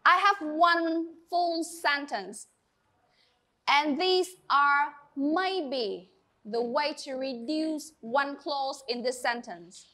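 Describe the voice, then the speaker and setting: Bright, high-voiced woman teacher. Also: extremely slow. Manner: encouraging, clear and instructive. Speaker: English teacher. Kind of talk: classroom teaching. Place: classroom.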